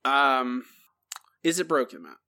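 A man co-hosting a podcast, ranting in an exasperated, animated way in casual chat. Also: mid-range voice, takes it slowly. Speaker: podcast co-host.

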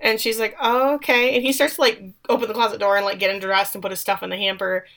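A woman casually recapping a TV episode on a podcast, animated, acting out the characters' lines. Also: medium pitch, racing, creaky. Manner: animated retelling with acted-out quotes and laughs. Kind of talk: casual chat.

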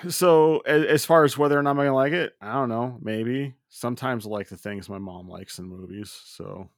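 A man co-hosting a podcast in casual chat, animated and jokey, often restarting his sentences. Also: medium pitch, normal speed, no echo, clean studio sound. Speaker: podcast co-host.

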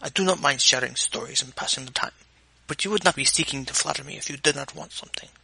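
A man voicing an annoyed male crime boss who speaks slowly with a heavy accent, in an audiobook reading. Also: fairly high pitch, gravelly, pushed and bright, slightly rough, dry recording, exaggerated voice, rough recording. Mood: suspicious. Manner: slow, strained, annoyed.

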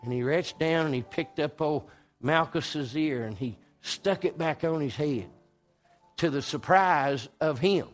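A man preaching a folksy, storytelling sermon that swings between loud and hushed. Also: on the high side, a little slow, soft background music.

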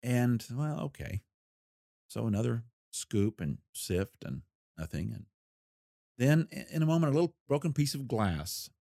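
An older man and former investigator telling a case story in a folksy, unhurried way with a wry edge. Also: medium pitch, very animated, creaky, mellow, no room sound, studio quality. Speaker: retired federal investigator recounting a case. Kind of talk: storytelling interview.

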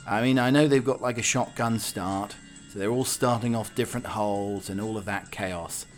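A man's voice: lowish voice, moderate pace, faint music behind. A British man hosting a casual talk show, wry and chatty, with many fillers. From United Kingdom. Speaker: host. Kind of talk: casual chat.

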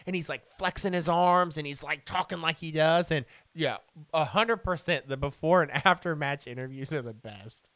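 A man's voice: fairly high pitch, a little fast, clean tone, no echo. A man hosting a podcast in casual chat, retelling stories with laughs and swearing. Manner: animated storytelling, swears, laughs a lot. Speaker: podcast host.

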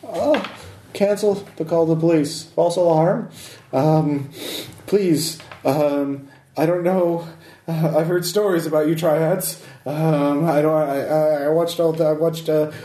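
A man's voice: steady tone, slow pace, dark tone. Guy putting on a jittery businessman npc, stammers a lot, echoey room. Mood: panicked. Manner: flustered, stammering, pitch jumps up when panicked. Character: nervous, stammering male corporate businessman. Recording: echoey room, faint noise.

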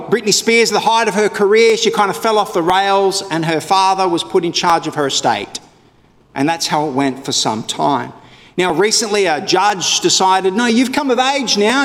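A man's voice: high voice, long reverb tail. A male pastor preaching a sermon in a conversational way, with wry asides to his congregation.

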